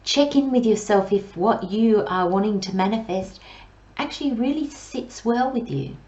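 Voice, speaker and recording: A woman giving a pick-a-card tarot reading in a slow, gentle, soothing way, with long pauses and soft near-whispers. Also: medium pitch, animated, reverberant, muffled recording. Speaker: tarot reader.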